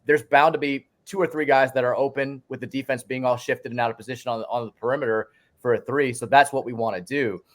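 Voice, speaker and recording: A man's voice: mid-range voice, fast. A man, a guest sports writer, talking college basketball in a casual podcast chat, telling stories with many restarts. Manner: animated storyteller, many restarts.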